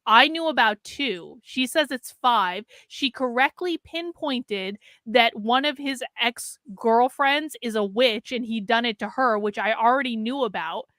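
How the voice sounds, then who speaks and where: A woman host talking in a blunt, frank way, with a fairly high voice. Her tone is bright, and the recording is close and dry. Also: dry recording. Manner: blunt and profane, quick asides. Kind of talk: casual reaction chat.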